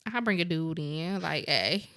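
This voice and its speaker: A woman co-hosting a podcast in a loose, casual chat. Her voice is bright and carries, often jumping louder as she laughs. She acts out little quoted scenes in other voices. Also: low voice, animated, a little slow, clean tone. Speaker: podcast co-host.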